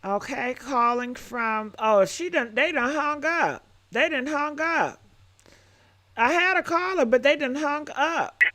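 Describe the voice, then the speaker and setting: Woman live host, brisk, upbeat, high voice, bright tone. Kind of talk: casual live show hosting.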